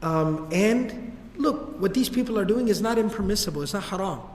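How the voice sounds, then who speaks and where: A calm, reasoning older leader , played by a lecturer, talks a friend down in a casual, patient way. His voice is fairly high. A large hall adds a long, roomy echo. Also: normal speed. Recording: echoey hall with long reverb.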